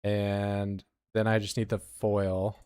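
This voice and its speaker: A man's voice: on the low side, flat delivery, takes it slowly, darkish tone, clear, resonant tone, no room sound, studio quality. An American man giving casual, joking commentary to his chat while he plays a video game. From United States. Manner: chatty, joking, talking to chat while playing. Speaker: game streamer.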